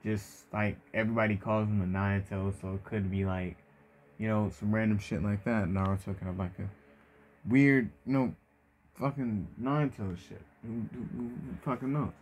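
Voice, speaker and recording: A man's voice: fairly low pitch, steady tone, moderate pace, darkish tone, a little hiss or hum. A man casually retelling a fan story, rambling with many fillers and swear words.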